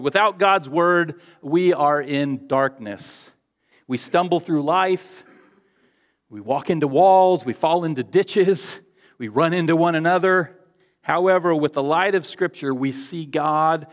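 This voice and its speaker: A man preaching a sermon in an earnest, emphatic way, repeating phrases for stress. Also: on the high side. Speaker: pastor. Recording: echoey hall, dull lo-fi sound.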